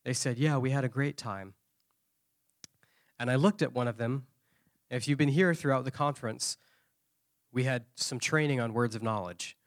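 A man preaching at a conference, telling a story with lively shifts of voice. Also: mid-range voice, moderate pace, long pauses, no echo, clean studio sound. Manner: animated storyteller, acting out quoted voices. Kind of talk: sermon storytelling.

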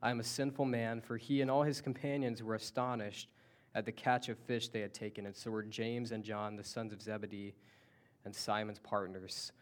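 A man's voice: lowish voice, fairly even intonation, moderate pace. A man preaching a sermon, telling the story conversationally with restarts and asides. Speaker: pastor.

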